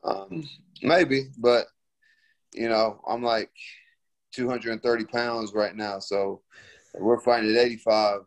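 A man's voice: medium pitch, slow, pauses often. A young man, a fighter, answering interview questions in a laid-back, slangy way full of fillers.

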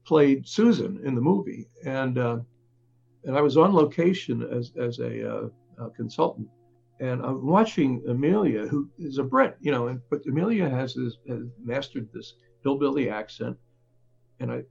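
A man who writes and reports, talking as an interview guest, halting often, with fillers and restarts. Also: medium pitch, animated, vocal fry, a little mellow, lo-fi sound, a little hiss or hum. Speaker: author and reporter.

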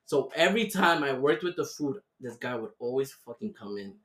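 A young man hosting a casual podcast chat, telling animated stories full of swearing. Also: mid-range voice, a little fast. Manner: animated storytelling with heavy swearing. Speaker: podcast host. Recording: roomy echo.

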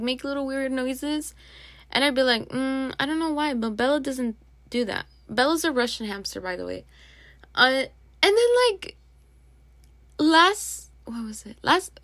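A woman's voice: high-pitched, a bit bright, no echo. Chatty young woman, close and dry. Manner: rambling, chatty, many likes and asides. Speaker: podcast host. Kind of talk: casual solo chat.

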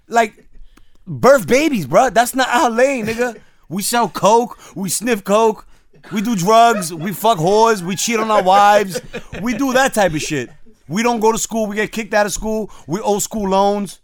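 A New man hosts a loose podcast, ranting loudly in street slang and cursing freely. His voice sits high and swings widely in pitch. He sounds fired up and animated. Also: no room sound. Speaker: host. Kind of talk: casual profane rant.

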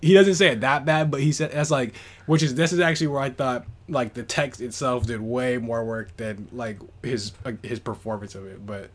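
A man's voice: mid-range voice, moderate pace, hardly any pauses. A man hosting a podcast, talking through a story in a casual, rambling way, full of "like" fillers. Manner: rambling, heavy use of "like" fillers. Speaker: podcast host. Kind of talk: casual book discussion.

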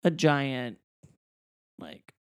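A woman's voice: very deep voice, drawn-out words, clear, resonant tone, no room sound, clean studio sound. A woman chatting casually about a film, thinking aloud and musing on the details. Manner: chatty and musing, with lively intonation. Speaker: podcast co-host. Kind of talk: casual chat.

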